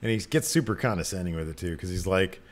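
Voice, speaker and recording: A man's voice: low voice, animated, fast. A man co-hosting a podcast, recapping an episode in a loose, rambling way with lots of ums and uhs. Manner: loose, rambling, full of fillers. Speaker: podcast co-host.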